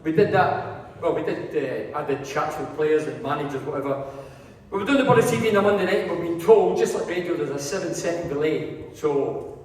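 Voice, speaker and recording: A Scottish man telling animated, swear-laden stories on stage at a live event. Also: fairly high pitch, fairly quick, a little hiss or hum. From Scotland. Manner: animated anecdotes, swears, acts out quotes. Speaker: guest speaker, former player. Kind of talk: comic storytelling on stage. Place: large hall at a live event. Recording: echoey hall, mic from far off.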